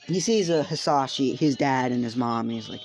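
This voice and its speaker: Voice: mid-range voice, a little fast. A narrator improvising a fan story in a rambling, casual way, full of fillers and swearing, with faint music behind.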